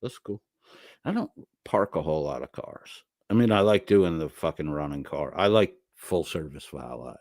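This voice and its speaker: Deep-voiced man, sardonic and profane. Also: animated, moderate pace, a little mellow, dry recording. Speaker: livestream host reading chat. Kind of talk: unscripted monologue, casual chat.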